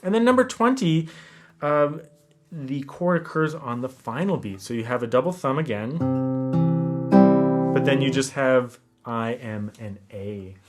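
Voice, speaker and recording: A man giving a classical guitar lesson, explaining technique in a relaxed way and counting beats aloud. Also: medium pitch, a little slow, pauses often. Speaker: guitar teacher. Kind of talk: instructional lesson talk. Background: classical guitar playing.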